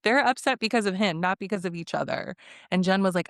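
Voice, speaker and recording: A woman giving a casual recap of a reality dating show, exasperated and animated, swearing and laughing as she quotes the cast. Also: mid-range voice, fast, dry recording, clean studio sound.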